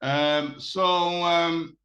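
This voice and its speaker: A man's voice: a little high, steady tone, drawn-out words, bright, forceful tone. A man hosting a casual talk show, chatting in a playful, teasing way. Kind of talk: casual chat.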